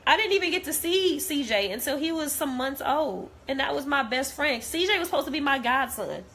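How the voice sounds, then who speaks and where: A woman's voice: high-pitched, animated, brisk, a bit bright. A young woman talking straight to camera, blunt and heated, repeating herself as she vents. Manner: blunt, repetitive, heated, profane. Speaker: vlogger. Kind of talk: direct-to-camera rant.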